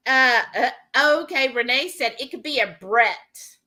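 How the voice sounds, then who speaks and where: A woman's voice: sits high, unhurried, pushed and bright. A woman hosting a casual live cooking stream from her home kitchen, chatting and reading viewer comments aloud. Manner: chatty, reads out and answers chat messages.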